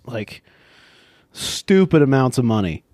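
A man co-hosting a casual comedy podcast, profane and quick with banter, often laughing. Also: mid-range voice, big pitch swings, darkish tone, no room sound, studio quality. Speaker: podcast co-host.

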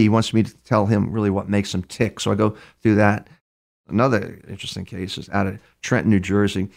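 A man's voice: lowish voice, vocal fry. An older man from New York, a criminal profiler, bluntly telling a long story in an interview and acting out the dialogue. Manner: blunt, restarts often, acts out quoted dialogue.

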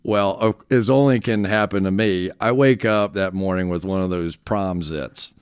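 A man with a low, smooth and resonant voice spins a self-deprecating story as an interview guest. The sound is dry and close, with no room around it. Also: moderate pace, dry recording. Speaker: guest, football analyst.

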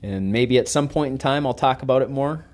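A man's voice: mid-range voice, fairly quick. A middle-aged man tells a long story on his podcast. His delivery is casual and full of swearing, and he acts out each person's lines as he goes. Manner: profane, animated storyteller who acts out quoted dialogue. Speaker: podcast host.

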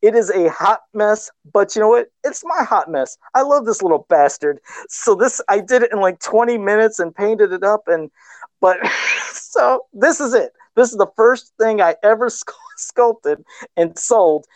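A man's voice: high voice, expressive, normal speed, no echo, low-quality recording. A man talking casually on a livestream about his first sculpted custom figure, self-deprecating and laughing often. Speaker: guest toy sculptor.

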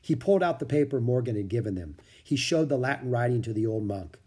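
A man narrating a children's book in an expressive storytelling manner. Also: mid-range voice, quick pace, husky.

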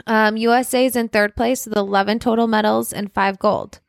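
A woman's voice: a little high, fairly even intonation, fairly quick, creaky, no echo, studio quality. A young woman with a Minnesotan accent co-hosting a podcast, chatting casually and giggling as she reads out news bits. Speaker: podcast co-host. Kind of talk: casual chat.

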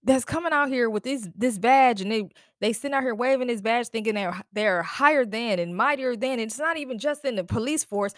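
A woman's voice: fairly high pitch, dry recording. Angry, exasperated woman podcaster, dry close mic. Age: adult with children. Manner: angry, exasperated, profane, repeats questions. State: upset and worn out. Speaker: podcast host. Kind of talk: impassioned solo podcast rant.

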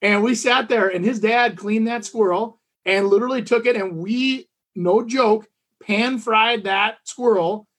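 A man with a high, husky voice hosts a relaxed podcast conversation. He tells rambling stories full of fillers and restarts. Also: measured pace. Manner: talkative storyteller, many fillers and restarts. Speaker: podcast co-host. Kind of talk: casual chat.

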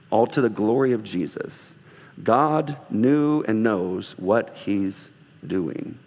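A man's voice: fairly low pitch, lively intonation, slow, big-room sound. A male pastor preaching a sermon in a church, earnest with humorous asides, then leading a closing prayer. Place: church sanctuary.

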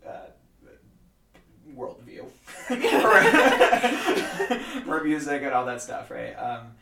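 A man's voice: on the high side, huge pitch swings, drawn-out words, vocal fry, sharp tone. Chill guy rambling on a podcast, lots of ums, sounds far off the mic in an echoey room. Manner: rambling, hesitant, many fillers and restarts, laid-back. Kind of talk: casual conversational chat. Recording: roomy sound from a distance off the mic.

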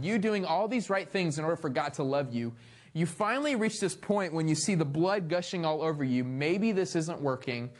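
A male pastor delivers a sermon in a fairly high voice. He reads scripture aloud, then breaks off into playful, animated asides before returning to his point.

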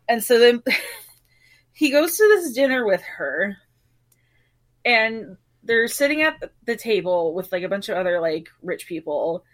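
A woman's voice: mid-range voice, big pitch swings, measured pace. Chatty young woman recapping with laughs. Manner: chatty, laughs often, acts out characters' lines. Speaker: podcast co-host. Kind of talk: casual recap chat.

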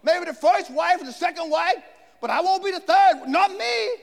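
Man, preacher, fiery shouted sermon, very high voice, gravelly, long reverb. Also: animated, moderate pace. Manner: impassioned, shouted preaching with repetition. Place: church.

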